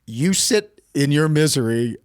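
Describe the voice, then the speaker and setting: A man's voice: a little slow, smooth, dry recording, studio quality. An American man, middle-aged, telling a story as a podcast guest, acting out the quotes with sudden jumps in his voice. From United States. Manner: animated, acts out quotes with lively pitch jumps. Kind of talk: casual storytelling.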